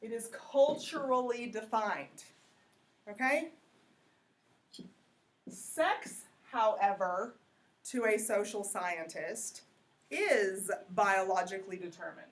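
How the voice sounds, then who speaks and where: A woman's voice: mid-range voice, animated, slow pace, long pauses. Woman teacher lecturing, chatty, keeps asking the class stuff, kinda far from the mic. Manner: conversational, asks the class questions, goes off on tangents.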